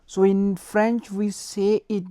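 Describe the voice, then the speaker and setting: Slow, mellow-voiced woman teaching a beginner lesson. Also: medium pitch, little pitch movement, clear, resonant tone, no room sound. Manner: slow, repeats words and spells them letter by letter. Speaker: language teacher.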